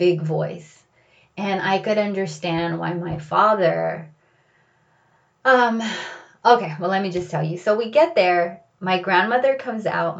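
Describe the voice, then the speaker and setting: A woman telling a personal story in a casual, animated way, with many fillers. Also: lowish voice, creaky, dull audio.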